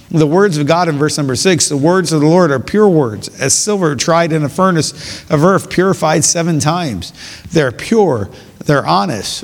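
A man's voice: a little high, in a large hall. A man preaching a sermon in an earnest way, often restarting and repeating his phrases.

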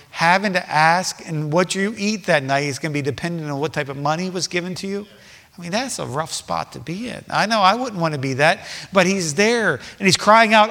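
A man preaching a sermon with passion, repeating his points and swinging between soft and loud. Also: fairly high pitch, in a large hall.

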